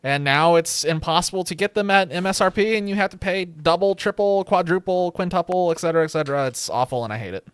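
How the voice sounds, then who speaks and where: A young man rambles through casual gameplay commentary from home, dropping wry, sarcastic asides. His voice sits a touch high and sounds dry and close. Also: expressive, fast, hardly any pauses, clean tone, no echo. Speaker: streamer. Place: home room with a webcam.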